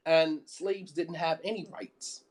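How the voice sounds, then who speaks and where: Fiery high-voiced male preacher. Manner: fiery, rhetorical questions, many repeated phrases. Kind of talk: impassioned sermon.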